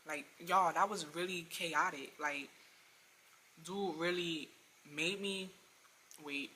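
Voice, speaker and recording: A young woman telling an exasperated story about a bad date in a storytime vlog, lively and full of slang. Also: low-pitched, slow, long pauses, slight background noise. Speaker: vlogger.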